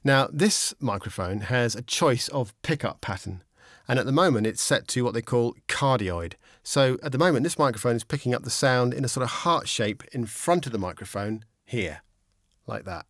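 Guy explaining mic stuff, relaxed, lots of ums, dry studio sound. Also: mid-range voice, moderate pace, dry recording. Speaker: instructor. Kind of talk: casual instructional explanation. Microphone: studio condenser microphone with pop shield.

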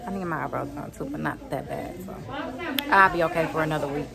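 A woman's voice: low voice, fairly quick, vocal fry, a crowd in the background. A young woman, rambling casually to her viewers and calling them y'all. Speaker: vlogger. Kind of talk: casual chat to camera.

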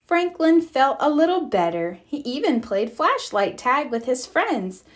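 A woman reading a children's picture book aloud with expressive storytelling. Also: sits high, unhurried. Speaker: storybook reader. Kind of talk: children's read-aloud narration.

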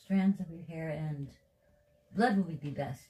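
A woman's voice: deep voice, measured pace, lo-fi sound. A Japanese woman with a Japanese accent, chatting casually and teasing in a playful way. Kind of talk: casual chat.

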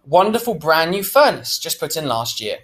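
A gushing real estate saleswoman, as a man reading a storybook aloud puts her on, all fake sweetness. Her voice rides high and swings widely as she piles on praise. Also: sing-song, moderate pace, a bit bright.

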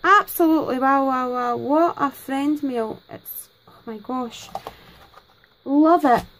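A woman's high-pitched, fairly bright voice moves slowly through a low-quality recording. At her craft desk at home, this vlogger unboxes her gifts on camera, gushing with gratitude and exclaiming often.

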